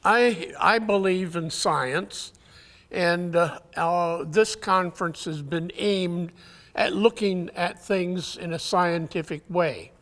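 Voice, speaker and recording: A man giving a conference talk, telling jokes in a folksy, halting way, his voice weakened, often clearing his throat. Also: high-pitched, fairly bright tone. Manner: folksy, halting storyteller with many uhs. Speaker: conference speaker. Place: conference hall. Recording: long hall reverb.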